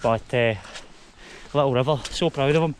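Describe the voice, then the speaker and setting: Medium in pitch and at normal speed, this Scottish-accented hiker chats to the camera while walking uphill, with slight background noise around him. He's a young vlogger of Spanish heritage whose first language is English.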